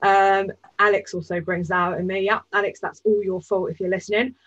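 A woman's voice: mid-range voice, level tone, brisk, fairly bright tone. A blunt, self-assured woman with an East London accent that drifts toward RP speaks on a panel. She is heard over a video call, and the sound is slightly dull. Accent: East London, shifting toward RP. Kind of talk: panel discussion.

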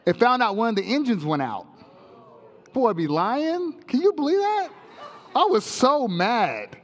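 High, lively pastor telling a story. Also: male voice, a little slow, long reverb tail. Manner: animated, comic storytelling with sound effects. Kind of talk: sermon with personal story. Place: church sanctuary.

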